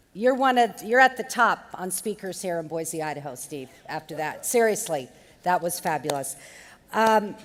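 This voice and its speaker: A woman's voice: medium pitch, big-room sound. A woman hosting an awards ceremony, effusively praising the speaker before the next awards. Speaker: awards host. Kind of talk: emcee remarks.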